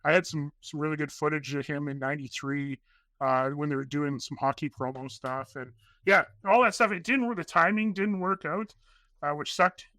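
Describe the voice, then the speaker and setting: Excitable rambling storyteller man, bright edge. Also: a little high, normal speed, no echo. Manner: excitable, rambling storyteller who acts out quoted voices. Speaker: podcast guest, documentary filmmaker. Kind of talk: casual interview storytelling.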